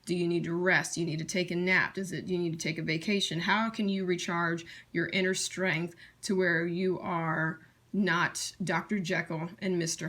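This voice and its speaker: A woman's voice: on the low side, a bit bright. Blunt, chatty woman teaching tarot. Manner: blunt, chatty, acts out scenarios in quick asides; frequent fillers and restarts. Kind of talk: casual teaching monologue.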